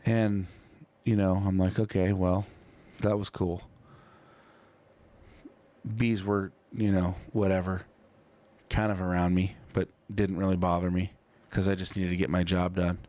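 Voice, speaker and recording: A man with a lowish voice talks casually into a studio mic, co-hosting a podcast. He tells his story in a loose, rambling way, piling on "you know" and reenacting what he said. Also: little pitch movement, moderate pace, warm tone. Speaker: podcast co-host.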